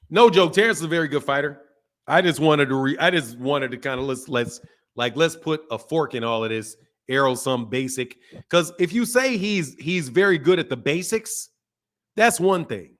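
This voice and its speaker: Male boxing-channel host, high-pitched, animated and slangy, loops back over his own phrases. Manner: animated, repeats himself, laughs, slangy. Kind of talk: casual boxing talk.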